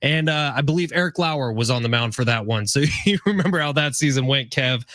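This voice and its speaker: A man hosting a sports talk show, asking his guest questions in a relaxed, conversational way. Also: medium pitch, a little fast, no room sound, clean studio sound. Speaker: sports radio host.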